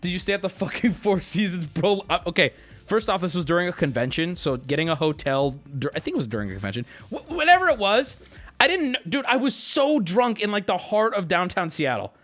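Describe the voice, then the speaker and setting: A man's voice: sits high, sing-song, brisk, fairly bright tone, faint music behind. A man streaming live, telling stories and ranting at his chat in a profane, stammering, riled-up way. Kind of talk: casual livestream rant.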